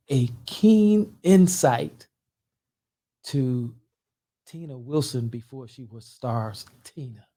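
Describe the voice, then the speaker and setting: A man, a pastor, hosting an interview and asking measured questions, often repeating his words. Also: medium pitch, darkish tone. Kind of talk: interviewing a guest.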